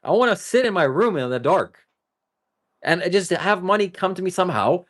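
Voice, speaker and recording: A man's voice: high-pitched, lively intonation, normal speed, fairly bright tone. A man talking to his live-stream viewers in a rambling, casual way that swings between joking and earnest. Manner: talks straight to viewers. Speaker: livestreamer.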